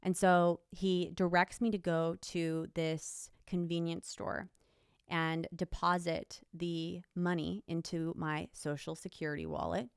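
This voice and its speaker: A woman's voice: on the low side, flat delivery, a little slow, clean tone, no room sound, studio quality. A young woman, an interview guest, emphatically retelling a personal story and quoting what people said. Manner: emotional, emphatic retelling with quoted dialogue.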